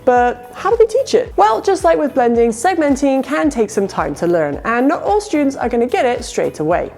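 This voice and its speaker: A bright, high-voiced woman explains classroom games in a lively, sing-song way. She sounds out letters clearly, like an ESL teacher. Faint music plays behind her. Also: normal speed. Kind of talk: instructional video narration.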